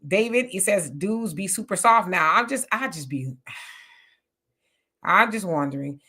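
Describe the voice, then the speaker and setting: A woman hosts a live stream in a bright, forceful voice that sits a little low, reading out viewer comments and answering them on the spot. She talks in a chatty, animated way, jumping in with quick reactions and asides. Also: slightly rough. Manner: chatty and animated, reacting aloud with laughs and exclamations. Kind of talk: casual live chat.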